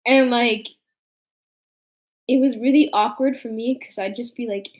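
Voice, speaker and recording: A woman chatting casually with her sister, telling embarrassing stories in an animated way and acting out the quotes. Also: on the high side, measured pace. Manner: animated storytelling with acted quotes. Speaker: youtuber. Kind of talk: casual chat.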